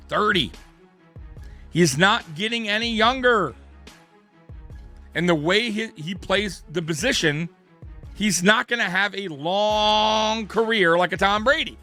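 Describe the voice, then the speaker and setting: Hosting a sports talk show, a man rants in a heated, profane way, often restarting his sentences. His voice is high with a sharp tone.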